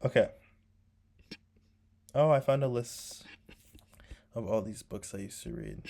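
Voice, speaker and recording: A man's voice: medium pitch, a little slow, creaky, dark tone. A young man with a sore throat chatting casually while he paints, rambling and nostalgic, with many fillers. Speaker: vlogger.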